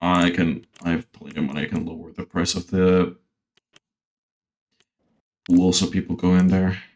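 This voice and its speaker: This gaming streamer has a deep, slightly mellow voice and a flat delivery at moderate speed. He casually narrates his theme-park building game through a desktop mic, with lots of fillers and the odd swear.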